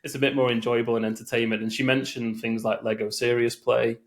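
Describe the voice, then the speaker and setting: A man co-hosts a casual podcast, his speech rambling and full of hesitations. His voice sits at an ordinary mid pitch. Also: level tone, quick pace. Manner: rambling, hesitant, filler-heavy. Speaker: podcast co-host. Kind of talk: casual chat.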